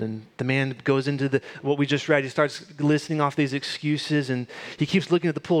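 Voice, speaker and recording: A pastor preaching a conversational sermon. He drops into soft, hushed retelling and rises into urgent pleading. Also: mid-range voice, steady tone, normal speed.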